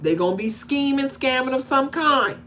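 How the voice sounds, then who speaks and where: Animated woman with a slightly high voice. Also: normal speed, a little hiss or hum. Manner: animated, mimics the people she describes; conversational, asks the audience questions. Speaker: relationship commentator. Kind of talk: casual monologue to camera.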